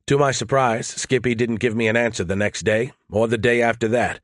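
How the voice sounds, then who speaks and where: A man narrating a first-person audiobook in a steady, matter-of-fact way. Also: mid-range voice, brisk, few pauses, no room sound, studio quality.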